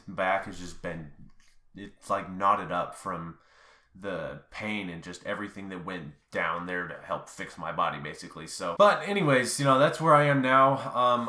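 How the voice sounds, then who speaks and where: A young man with a low, bright-edged voice tells a rambling story for his vlog, full of fillers. The room rings with echo around him. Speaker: vlogger.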